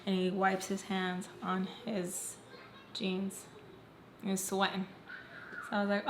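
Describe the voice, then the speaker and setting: A woman tells her viewers a personal story in a chatty, dramatic vlog style. Her voice sits in a middle pitch, recorded in an echoey room. A faint hiss of noise is heard behind her. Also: completely flat delivery, unhurried, long pauses. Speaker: storytime vlogger. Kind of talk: casual storytime chat.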